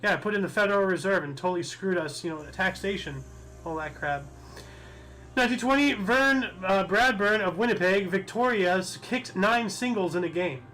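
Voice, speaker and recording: A man's voice: sits high, normal speed, sharp tone, a little hiss or hum, rough recording. A young man co-hosting a history podcast, reading dates with small stumbles and joking casually. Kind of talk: casual chat.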